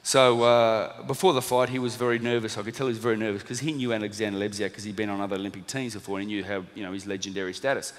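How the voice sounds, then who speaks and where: An Australian man in his thirties tells a story from the stage at a seminar. He speaks quickly and acts out the voices of the people in his story. His voice rings out with the long reverb of a large hall. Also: lowish voice. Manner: animated storyteller, acts out quotes. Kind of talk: storytelling talk to a live audience.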